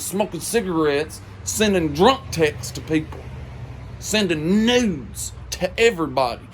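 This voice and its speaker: Profane, high-voiced comic storyteller. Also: male voice, a little hiss or hum. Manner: profane, animated, deadpan punchlines. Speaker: comedic storyteller. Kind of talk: casual comedic storytelling.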